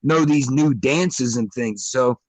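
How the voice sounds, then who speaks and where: A man's voice: mid-range voice, takes it slowly, a little mellow, dry recording, rough recording. A man talking as a guest in a casual chat, earnest and reflective, with street slang. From American suburbs. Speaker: podcast guest. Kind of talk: casual conversation.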